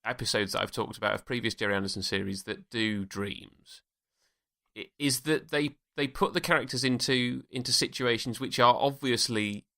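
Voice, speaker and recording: A man's voice: medium pitch, normal speed, creaky, pushed and bright. A man co-hosting a podcast, chatting casually about a TV episode with frequent restarts and laughs. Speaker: podcast co-host. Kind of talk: casual chat.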